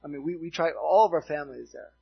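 A middle-aged man from Miami preaching a sermon in an earnest, halting way, telling a story between points, in a dull lo-fi recording. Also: a little high, gravelly, husky. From Miami, United States. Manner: earnest, halting, with restarts and asides.

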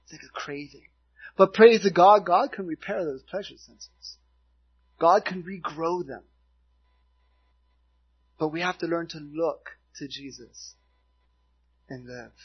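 A middle-aged man from Miami preaching a sermon in an earnest, halting way, telling a story between points, in a dull lo-fi recording. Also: fairly high pitch, breathy edge. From Miami, United States. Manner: earnest, halting, with restarts and asides.

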